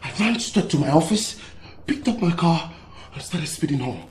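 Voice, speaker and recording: An actor with a Nigerian accent playing an excitable, demanding young husband who bursts into loud shouts, heard over a film's music score. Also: male voice, a little high, normal speed, a little hiss or hum, close to an everyday voice. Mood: excited. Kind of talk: film drama acting. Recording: film audio with music score.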